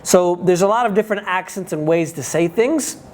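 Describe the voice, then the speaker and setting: A man's voice: high-pitched, moderate pace, a little mellow, slight background noise. A man whose first language is Spanish, talking casually to the camera as a travel vlogger, chatty and opinionated, thinking aloud as he goes.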